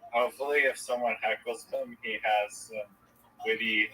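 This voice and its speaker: A man's voice: mid-range voice, steady tone, moderate pace, bright, forceful tone, breathy edge, low-quality recording. A man joining a casual chat with brief interjections.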